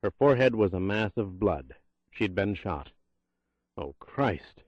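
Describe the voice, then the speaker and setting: A man reads a thriller audiobook with a tense, measured delivery. His voice is on the low side, recorded dry with a slightly dull, muffled top end. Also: animated, dry recording. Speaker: audiobook narrator. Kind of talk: scripted thriller narration.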